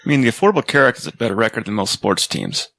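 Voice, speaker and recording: Lower voiced podcast dude, cracks jokes, swears, dry sound. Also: male voice, big pitch swings, rapid-fire, gravelly, bright, forceful tone, no echo. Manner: wisecracking, profane. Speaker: podcast co-host. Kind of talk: casual chat.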